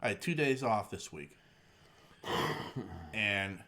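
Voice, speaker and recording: A man hosting a podcast in casual chat, rambling excitedly with quick restarts. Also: fairly low pitch, vocal fry. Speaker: podcast host.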